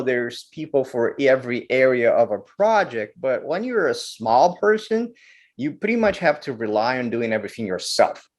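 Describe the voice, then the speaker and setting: A man tells stories as a guest in an interview, with a voice that climbs and dips a lot. He talks in an animated way and stumbles over repeated words. His pitch sits in a middle range. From Brazil. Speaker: guest filmmaker. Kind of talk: storytelling interview.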